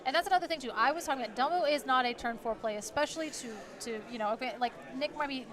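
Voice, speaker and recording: A woman commentating a card game tournament, emphatic and quick to jump in. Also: high voice. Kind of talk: casual play-by-play commentary. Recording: crowd noise behind the mic. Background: crowd chatter.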